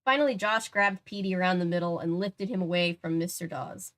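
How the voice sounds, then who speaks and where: A woman's voice: lowish voice, fairly quick, fairly bright tone. A woman reading a children's horror book aloud, adding casual chatty asides. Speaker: book reader.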